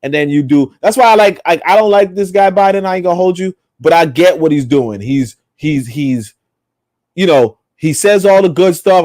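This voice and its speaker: Guy ranting on a podcast call, cussing, kinda high voice, dry sound. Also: normal speed, no echo. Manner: profane, animated, rambling with restarts. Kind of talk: casual chat.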